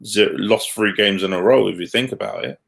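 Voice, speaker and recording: Low gravelly man, blunt. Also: fairly quick, a bit bright. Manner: blunt, laughs at his own points. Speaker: podcast co-host. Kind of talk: casual football chat.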